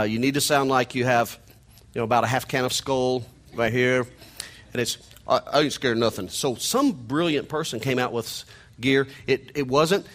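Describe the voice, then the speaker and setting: A man's voice: mid-range voice, fairly bright tone. A middle-aged man with a nasal Missouri twang preaching a sermon in a conversational, joking way. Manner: conversational, joking asides to the congregation. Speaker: pastor.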